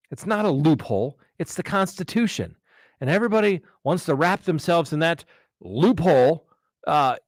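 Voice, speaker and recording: A man's voice: a little high, no echo, clean studio sound. A man hosting a live crime-talk stream, speaking like a defense attorney, with emphatic, ranting delivery and mocking quoted voices. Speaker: host. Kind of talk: live true-crime commentary.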